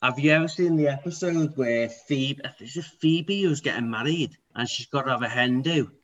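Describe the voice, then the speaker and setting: A man's voice: mid-range voice, normal speed, fairly bright tone, lo-fi sound. A man, drunk and rambling while he co-hosts a podcast. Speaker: podcast co-host. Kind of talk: drunk casual banter.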